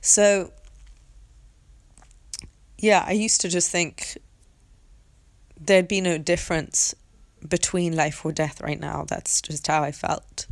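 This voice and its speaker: Low-voiced woman sharing candidly. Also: steady tone, slow, long pauses, no echo. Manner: candid and reflective, with hesitant restarts. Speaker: podcast host. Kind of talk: personal storytelling monologue.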